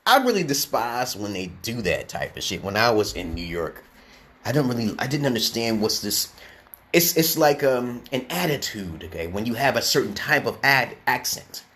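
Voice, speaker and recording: A man's voice: medium pitch, animated, normal speed, a bit bright. A man streaming casually as an online English teacher, who rambles and lectures, tags his sentences with "okay?" and answers viewer comments.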